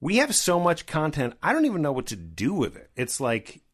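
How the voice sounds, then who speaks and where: A man's voice: a little high, huge pitch swings, fairly quick, husky. A man co-hosting a podcast in casual chat, enthusiastic and rambling with frequent restarts. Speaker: podcast co-host.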